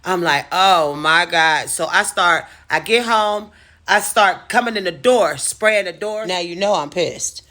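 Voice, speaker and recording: A woman telling a personal story to camera in a casual vlog, animated and freely cursing. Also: mid-range voice, unhurried. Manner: animated, profane, dramatic storyteller. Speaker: storytime vlogger.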